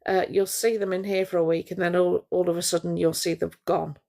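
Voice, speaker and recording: A woman's voice: on the low side, level tone, fairly quick, creaky, mellow. A woman hosting a casual live stream, chatting to viewers in a gossipy, teasing way.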